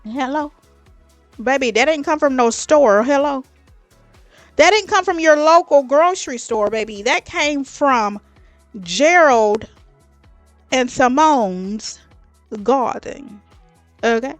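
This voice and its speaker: A woman's voice: sits high, animated, slow, long pauses, no room sound, soft background music. A woman hosting a reaction video, talking chattily and emphatically, repeating "okay?" and calling her viewers "baby". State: tearing up. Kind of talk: casual reaction commentary.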